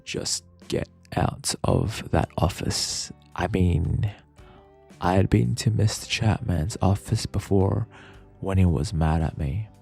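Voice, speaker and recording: Slow gravelly whispering man, whispered role-play. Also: low voice, soft background music. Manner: soft whispered narration. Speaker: ASMR streamer. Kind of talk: whispered ASMR story reading.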